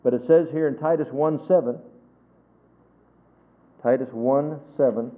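A man preaching a sermon, emphatic, swinging between loud stresses and hushed phrases and quoting scripture in a measured cadence. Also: mid-range voice. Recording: tinny phone-like sermon recording.

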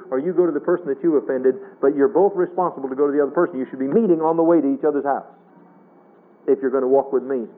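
A man preaching a sermon in a folksy, earnest way, rising and falling as he quotes scripture. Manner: folksy, earnest preaching with wide swings in pitch. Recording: tinny phone-line radio broadcast.

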